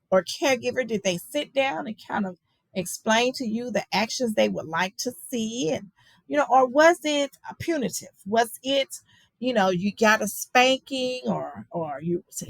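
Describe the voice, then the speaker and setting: A woman gives a virtual lesson for teachers in a fairly high voice. She talks loosely and conversationally, with frequent fillers, and checks in with "okay?". The sound is dry, with no room echo. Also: creaky. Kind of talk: virtual lecture on child guidance.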